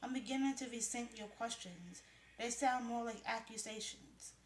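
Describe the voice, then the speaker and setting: A woman's voice: fairly high pitch, moderate pace, lightly acted. A woman reading a guarded young male musician. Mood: resentful. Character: young adult male musician, evasive, defensive. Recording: roomy, faintly noisy room.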